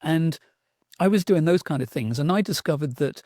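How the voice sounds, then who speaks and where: A man's voice: on the high side, lively intonation, moderate pace, darkish tone, dry recording, studio quality. A middle-aged man with a South London accent, telling stories with enthusiasm and a reflective manner in a podcast interview. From England. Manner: enthusiastic, reflective storyteller with restarts. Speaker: guest, sound artist.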